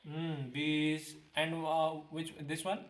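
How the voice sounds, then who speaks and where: Teacher guy on an online class, slow explaining, lots of uh and um, tosses in hindi, roomy echo. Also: fairly high pitch, flat delivery. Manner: explains slowly with many fillers and restarts; mixes in Hindi glosses. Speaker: English teacher.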